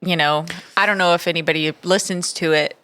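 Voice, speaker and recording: A woman co-hosting a casual chat about music, relaxed and quick to laugh. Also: on the low side, clean tone. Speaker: co-host.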